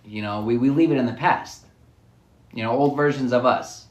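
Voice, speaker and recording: Man, mid-pitch, loose spiritual monologue, repeats himself, recorded in a roomy, echoing space. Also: moderate pace, lo-fi sound. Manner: rambling, repetitive, musing.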